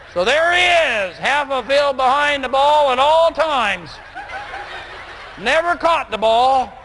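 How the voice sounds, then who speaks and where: A man giving a motivational speech to a live audience, calling for answers and shouting his key lines. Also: extremely high pitch, a little hiss or hum. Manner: call-and-response, pushes crowd to answer, shouts punchlines. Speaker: motivational speaker. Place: Dallas.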